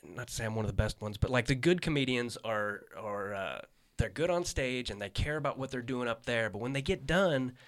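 A man's voice: medium pitch, brisk, hardly any pauses. A man who is a stand-up comedian, hosting a casual chat and telling stories with lots of swearing. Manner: animated storyteller, swears freely, acts out quotes. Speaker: podcast host, stand-up comedian.

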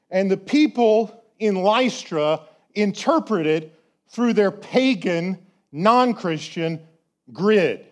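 A pastor preaching a sermon, chatty and full of rhetorical questions, slowing down to stress key words. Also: male voice, sits high, lively intonation.

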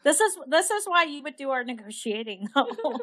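A woman's voice: high-pitched, big pitch swings, moderate pace, a bit bright. Enthusiastic, swearing woman podcaster. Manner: enthusiastic, swearing, laid-back. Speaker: podcast co-host. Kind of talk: casual chat.

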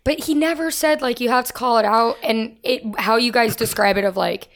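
A woman's voice: fairly high pitch, a little fast, a bit bright. A woman co-hosting a podcast, talking casually and enthusiastically with her co-hosts. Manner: enthusiastic, gushing. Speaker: podcast co-host. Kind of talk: casual chat.

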